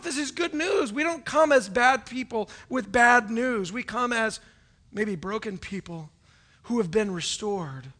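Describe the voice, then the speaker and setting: A male pastor preaching from a stage, his voice pitched high and ringing bright. He delivers the sermon with animated swings, from loud calls to hushed, near-whispered asides, and acts out the voices of churchgoers. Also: unhurried. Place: stage before a congregation.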